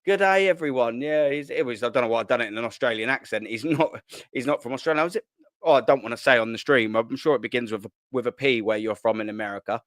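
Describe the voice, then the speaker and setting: Excitable man chatting on stream. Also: mid-range voice, fast talker, dry recording, studio quality. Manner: excitable, slangy, swears and repeats himself. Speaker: football channel host. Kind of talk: casual live-stream chat. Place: at home, sitting at a kitchen island.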